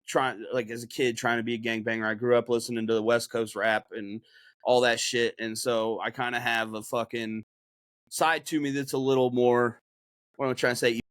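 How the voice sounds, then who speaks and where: A man's voice: mid-range voice, little pitch movement, normal speed, a bit bright, no echo. Man, podcast host, rambling casual talk, lots of swearing, dry close sound. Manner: rambling, heavily profane. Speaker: podcast host and game streamer.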